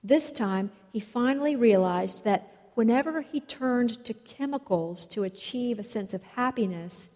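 A woman preaching a sermon, telling stories in a slow, measured way. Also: fairly high pitch, lively intonation, dark tone. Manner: slow, measured storytelling delivery. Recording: long reverb of a large hall.

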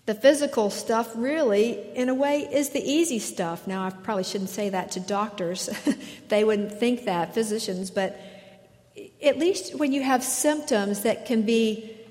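A woman's voice: a little high, a little slow, a little mellow. Woman preaching in an echoey church. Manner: conversational, asks questions of the listeners. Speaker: pastor. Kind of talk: sermon. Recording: echoey hall reverb.

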